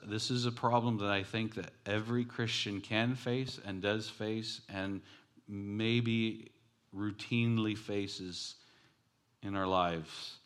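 A male pastor delivering a sermon in a lowish voice. He tells personal stories with animation and slips in self-deprecating jokes between points.

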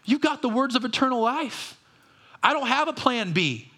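A preacher puts on a blunt, loyal apostle, talking like a plain fellow who's fed up and has nowhere else to go. His voice sits high, brighter and lifted above a normal speaking pitch, with a folksy, exasperated bluntness. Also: animated, moderate pace, full character voice. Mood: earnest.

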